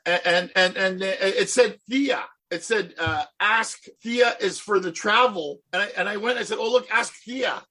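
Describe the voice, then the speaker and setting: A man's voice: high-pitched, normal speed, hardly any pauses, pushed and bright. A middle-aged man co-hosting a casual chat, telling rambling anecdotes with many restarts. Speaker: co-host.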